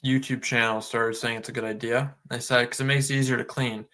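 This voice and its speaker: Man, casual podcast talk, bright forceful tone, filler-heavy, plays out customer lines. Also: medium pitch, a little fast. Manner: relaxed, lots of filler words, acts out customer dialogue. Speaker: podcast co-host.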